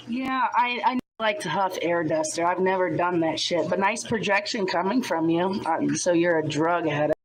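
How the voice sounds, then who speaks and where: A woman's voice: fairly low pitch, moderate pace. A woman talking on a livestream, snappy, profane and insulting. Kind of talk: casual livestream talk. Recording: noisy livestream clip audio.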